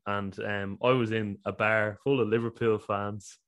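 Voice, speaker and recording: A man from Ireland with a slightly low voice co-hosts a casual podcast. He talks football with plain enthusiasm, relaxed and conversational. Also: moderate pace. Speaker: podcast co-host. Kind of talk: casual chat.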